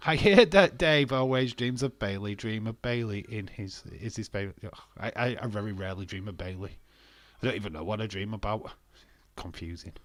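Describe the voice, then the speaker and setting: Young male streamer, casual and chatty, laughs freely, medium pitch, dry close mic. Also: no room sound. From England. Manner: chatty, laughs often, swears. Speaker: live stream host. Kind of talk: casual chat reading live comments.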